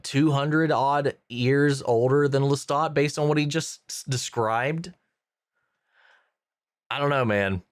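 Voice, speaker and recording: A man's voice: mid-range voice, no echo, studio quality. A man hosting a reaction channel, thinking aloud about a series episode in a casual review with many fillers and restarts.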